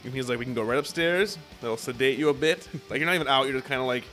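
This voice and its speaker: A young man talks fast in a medium-pitched voice, telling a long story in casual chat with faint music behind him. He swears often and animatedly acts out what other people said.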